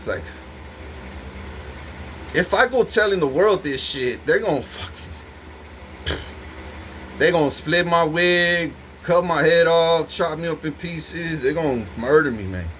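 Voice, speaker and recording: A man's voice: a little high, animated, takes it slowly, long pauses, a bit bright, a little hiss or hum, low-quality recording. A man talking to the camera in an intense, rambling monologue full of swearing, speaking straight to his partner. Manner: intense, profane, rambling, addressing a partner directly.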